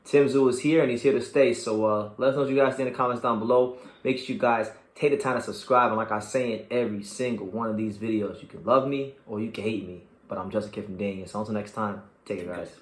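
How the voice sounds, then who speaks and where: A man's voice: fairly low pitch, fairly even intonation, fast, hardly any pauses, echoey room. A man hosting a boxing show, breaking down a fight in casual chat. He talks with lots of energy, swears casually, and stumbles and repeats words.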